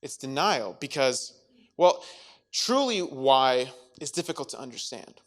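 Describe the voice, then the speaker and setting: A man's voice: mid-range voice, expressive, measured pace. A man giving a youth sermon in a playful way, acting out scenes and joking between scripture readings. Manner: playful, acts out dialogue with jokes. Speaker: youth speaker.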